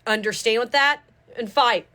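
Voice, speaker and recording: Woman tarot reader, fervent and preachy, fairly high voice, casual swearing. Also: moderate pace, sharp tone. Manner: fervent, preachy, repeats "do you understand". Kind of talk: tarot reading monologue.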